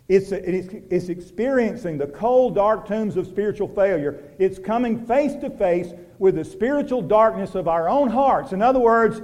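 A man preaching a sermon, moving from loud emphatic lines to soft, hushed ones, with rhetorical questions and repetition. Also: sits high. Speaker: pastor.

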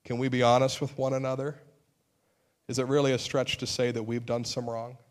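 A middle-aged male pastor with a mid-range voice delivers an earnest sermon in a level tone, speaking fairly quickly. He breaks into sudden emphatic outbursts and pokes fun at himself.

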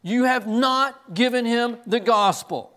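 A man acting out a sharp, demanding older college president who questions him bluntly and with exasperation. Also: a little high, expressive, measured pace. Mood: yelling.

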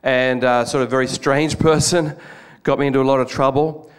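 A man's voice: medium pitch, steady tone, normal speed, smooth. A man telling his life story as a testimony sermon to a congregation, earnest, often restarting and repeating words. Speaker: guest speaker giving testimony.

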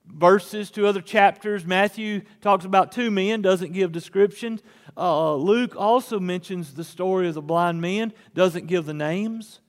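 A man's voice: high voice, in a large hall. A man preaching a sermon as pastor, building to pleading emphasis as he reads the text.

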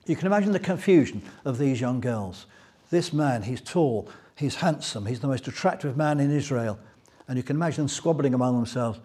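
A man preaching a Bible teaching sermon, retelling scripture in a lively storytelling way. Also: mid-range voice, a little fast, slightly rough.

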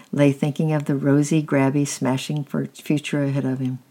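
A reader gently reading a children's chapter book aloud, with small slips and restarts. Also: medium pitch. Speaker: storybook reader.

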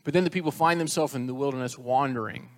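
A man preaching a sermon, retelling scripture as a lively story and acting out the quoted voices. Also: mid-range voice, quick pace. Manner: storytelling, acts out quoted voices with rising energy. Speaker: pastor.

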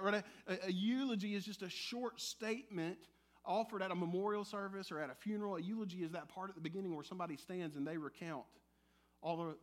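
A male pastor delivering a sermon in a church, animated and conversational, with playful asides to the congregation. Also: high voice. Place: church sanctuary.

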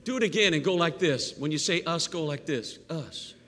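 A male pastor giving a live sermon, animated and playful, with jokey asides and call-and-response with the congregation. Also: on the high side, a little fast, slight background noise. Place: church sanctuary. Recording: long reverb of a church hall.

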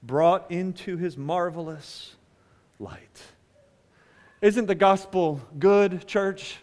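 High-voiced pastor preaching in a reverberant hall. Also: male voice, very slow. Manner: dramatic swings between loud emphasis and hushed asides. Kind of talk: sermon.

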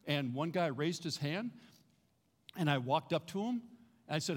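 A man's voice: fairly high pitch, moderate pace, long pauses. A man preaching a sermon, telling stories with animation and leading the congregation to repeat greetings after him. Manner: animated storytelling, leads the congregation in repeating phrases. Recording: reverberant hall.

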